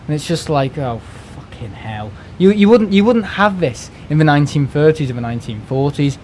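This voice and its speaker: This UK live streamer's voice is a little high and a little mellow, moving fairly quickly over slight background noise. He's chatting casually in an exasperated, rambling rant, freely swearing and restarting his words.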